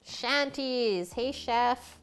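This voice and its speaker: A woman's voice: on the high side, drawn-out words, a bit bright, clean tone. A woman hosting a live cooking stream, chatting casually with her viewers and answering them by name as she cooks in her kitchen. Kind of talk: casual chat while cooking.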